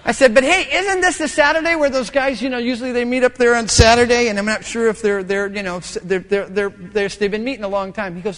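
A middle-aged male pastor preaching a sermon with animated storytelling, acting out voices and quotes. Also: extremely high pitch, fast talker, few pauses, in a large hall.

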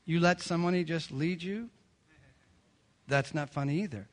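A man, the pastor, preaching a sermon in a lively, joking way, often mimicking people. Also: a little high, moderate pace.

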